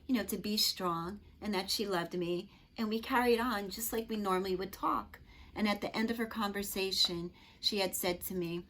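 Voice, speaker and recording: A middle-aged woman and Reiki master telling personal stories to camera in an earnest, gentle, chatty way. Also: medium pitch, normal speed. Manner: earnest, gentle, chatty with frequent "you know". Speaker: Reiki master and spiritual teacher.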